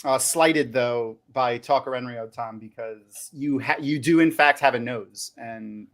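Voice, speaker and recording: A man's voice: mid-range voice, measured pace. A man joining a podcast as a guest, joking at his own expense in casual chat. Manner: self-mocking, playful.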